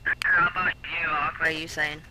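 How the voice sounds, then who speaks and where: A woman playing a ghost-hunting game with friends, making quick, excited calls to the team. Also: deep voice. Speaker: fellow player. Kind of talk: casual gaming chat. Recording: noisy online voice chat.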